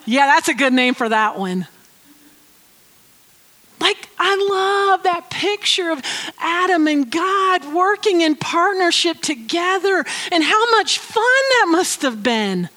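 A woman giving informal Bible teaching, animated and laughing often as she tells the story. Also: high-pitched, a little slow.

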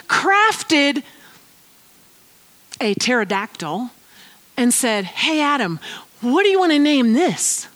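A woman giving informal Bible teaching, animated and laughing often as she tells the story. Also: high-pitched.

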